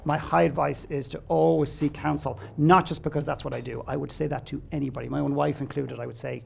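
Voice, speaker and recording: A man with a gravelly, creaky edge to his voice, pitched somewhat higher than most men. He talks as a guest coach in an earnest, blunt conversational way. He acts out bits of quoted dialogue and swears without fuss. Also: little pitch movement, fast, few pauses, darkish tone, slight background noise. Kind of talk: conversational storytelling.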